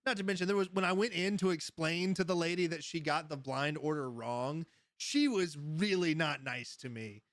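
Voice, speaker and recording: A man hosts a casual live stream, rambling through stories, laughing often, and answering his chat. His voice is on the high side and fairly bright, he speaks at a normal speed with high energy, and there's no room sound.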